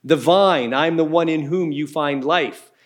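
A man gives a sermon in a relaxed, explanatory way, walking his listeners through scripture and stopping for small casual asides. His voice sits a little higher than most men's. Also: measured pace. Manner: conversational, explanatory teaching with asides. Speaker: pastor.

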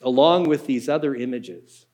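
A man's voice: mid-range voice, lively intonation, moderate pace, a little mellow. A man preaching a sermon, explaining scripture in a conversational teaching manner with casual asides. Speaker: pastor.

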